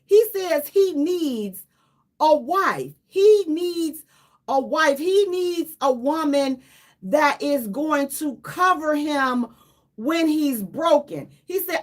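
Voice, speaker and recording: A woman radio host giving casual, animated commentary, emphatic and repeating herself for effect, with laughs between lines. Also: sits high, takes it slowly.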